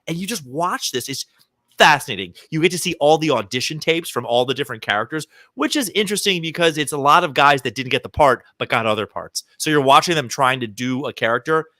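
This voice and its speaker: A man with a higher-than-average voice talks quickly as he co-hosts a podcast, chatting casually and telling stories with lots of animation. He acts out the people he quotes, and the studio-quality recording has no room sound.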